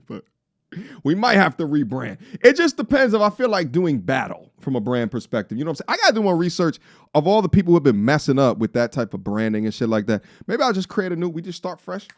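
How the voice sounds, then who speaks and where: A young man in casual podcast chat, playful and animated, slipping into high excited rants. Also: brisk, no room sound, studio quality. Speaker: podcast co-host.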